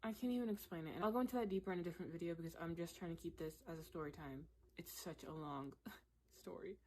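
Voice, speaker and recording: Young woman, slightly low voice, candid and animated storyteller, casual vlog delivery. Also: quick pace. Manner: candid, animated, lots of "like" and "literally". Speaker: storytime vlogger.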